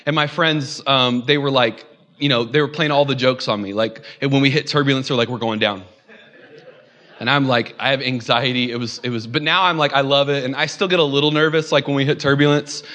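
Young man, pastor, conversational sermon, joking, audience call-outs, bright ringing voice. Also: mid-range voice, steady tone, quick pace.

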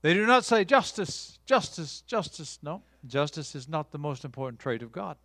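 A man preaching a sermon in a slightly high voice, emphatic, shifting between loud declarations and near-hushed lines. He leads the congregation in call-and-response. The sound is dry and close, with little room echo. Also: expressive, fairly quick. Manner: engages audience with call-and-response. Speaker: pastor.

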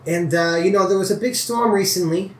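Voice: mid-range voice, fairly quick, echoey room, pitched above the performer's own voice, close to an everyday voice. Un narrador haciendo de granjero pobre y humilde. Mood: pleading. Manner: folksy rural grammar, hesitant, repeats words. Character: poor older male farmer, humble, bad leg.

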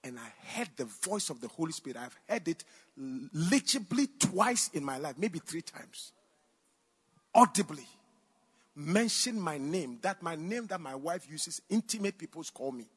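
A man preaching a sermon, telling a personal story with sudden shouts and bursts of laughter. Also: on the high side, lively intonation, a little slow, slightly rough. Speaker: pastor.

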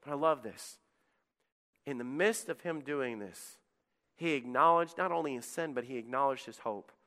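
A male pastor delivering an impassioned sermon, rising to loud appeals and dropping to hushed, quiet lines. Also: medium pitch, moderate pace. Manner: impassioned preaching, swings between loud and hushed. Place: church sanctuary. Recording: long reverb of a church hall.

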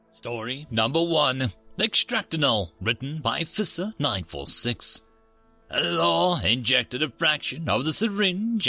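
A man hosting and narrating science fiction stories in a theatrical, expressive way. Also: on the high side. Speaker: story narrator and channel host. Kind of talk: scripted sci-fi story narration.

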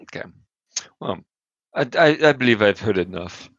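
A man's voice: lowish voice, lively intonation, normal speed, a bit bright, no echo. A man playing in a tabletop game, laid-back and prone to chuckling. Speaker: player. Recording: dull lo-fi dry sound.

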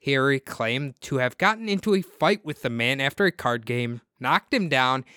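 A man hosting a podcast, telling a true-crime story in a relaxed, chatty way with frequent laughter. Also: medium pitch, moderate pace, clean tone, no echo, clean studio sound. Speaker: podcast host.

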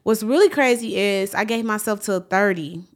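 A woman in her thirties from Milwaukee, a guest telling her story in a casual interview with animated bursts. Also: medium pitch, moderate pace. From Milwaukee, USA. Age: 30s. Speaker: event organizer, guest.

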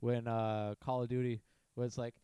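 A man's voice: mid-range voice, level tone, normal speed, dark tone, clear, resonant tone, dry recording. A man in casual, profane group chat, giving short reactions and joking asides.

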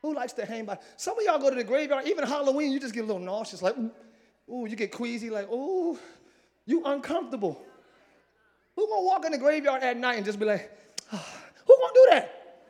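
A pastor's very high, brisk voice fills a large church sanctuary full of worshippers as he delivers an energetic sermon. He alternates booming shouts with hushed, joking asides to the congregation, bursting now and then into ecstatic exclamations.

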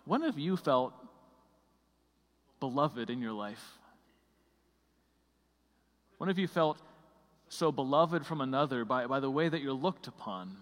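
A man's voice: medium pitch, animated, unhurried, pauses often, long reverb tail. A man preaching a sermon in a conversational way, full of fillers and restarts.

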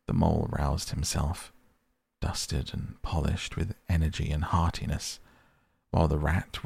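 Male narrator, very low voice, gravelly, dry close sound, audiobook reading. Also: darkish tone, dry recording.

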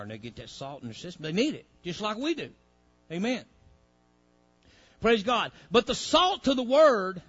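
A man preaching a sermon as pastor, swinging between loud preaching and quiet storytelling. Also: fairly high pitch. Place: church sanctuary. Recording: dull lo-fi recording with faint music.

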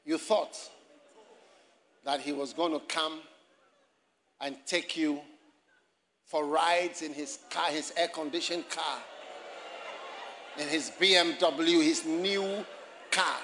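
High bright voiced pastor guy preaching in church, shouty and laughing, talks right at the crowd. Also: fairly even intonation, takes it slowly, pauses often, slight background noise. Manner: talks directly to the congregation and online viewers. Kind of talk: sermon.

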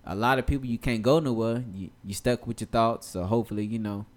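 A man's voice: medium pitch, fast talker. A man hosts a podcast in loose, casual chat. His talk is laid-back and swears freely. He keeps leaning on "you know what I'm saying". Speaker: podcast host.

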